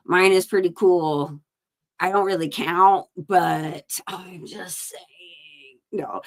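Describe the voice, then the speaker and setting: A woman from California with a Californian accent, co-hosting a casual video-call chat in a chatty way. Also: fairly low pitch. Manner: chatty, says like a lot. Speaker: co-host.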